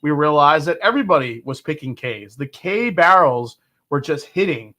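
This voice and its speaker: Bright, upbeat man chatting on a livestream. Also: fairly high pitch, animated, moderate pace. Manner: enthusiastic, rambling, reads chat aloud. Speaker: livestream whiskey reviewer. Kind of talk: casual livestream chat.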